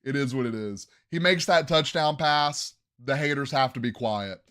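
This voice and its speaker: A man hosting a casual sports podcast, ranting in bursts of loud hype and dropping to muttered asides, coughing when he yells. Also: medium pitch, normal speed. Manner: animated, swings between yelling hype and muttering asides. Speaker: podcast host.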